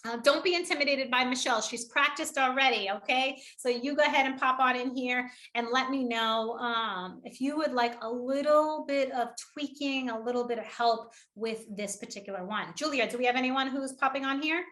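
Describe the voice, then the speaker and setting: Bright, high-pitched woman coaching. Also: normal speed, hardly any pauses. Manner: energetic, encouraging, laughs often. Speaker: public speaking trainer. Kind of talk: upbeat online workshop coaching.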